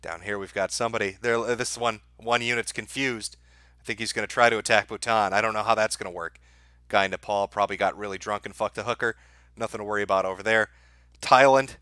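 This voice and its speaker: A man's voice: on the low side, pushed and bright, no room sound, studio quality. A man hosting a live stream, talking to his chat in a sarcastic, crude and profane way.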